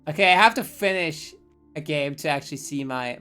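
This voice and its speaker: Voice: mid-range voice, fairly quick, fairly bright tone, clean tone, soft background music. A streamer commenting on a game live, blunt and rambling with frequent swearing and laughing asides.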